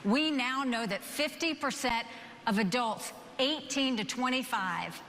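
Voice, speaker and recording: A woman with a high voice gives an assertive, declarative public speech. Her voice rings out in a reverberant hall over faint background noise. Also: a little slow, fairly bright tone.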